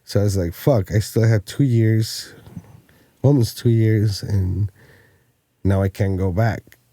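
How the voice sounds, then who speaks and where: A man in his forties from Mexico, a podcast guest telling animated, profane stories with frequent laughs. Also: lowish voice, takes it slowly, dry recording. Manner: laughing, swearing, animated anecdotes. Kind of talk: casual storytelling chat.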